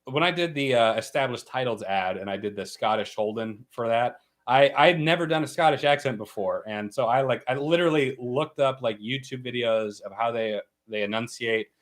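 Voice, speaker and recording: A man's voice: mid-range voice, moderate pace, hardly any pauses. A man from the United States hosting a casual livestream, explaining at length with plenty of fillers and restarts. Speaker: livestream host.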